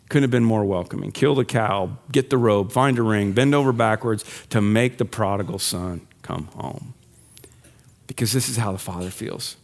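This pastor's sermon is humorous and conversational, pitched at a medium level. He questions his congregation and hammers each point with emphatic peaks that rise.

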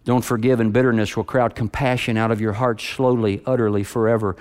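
A male preacher delivering a sermon, swinging from loud, high emphasis to low, hushed delivery. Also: flat delivery, fairly quick, clean tone.

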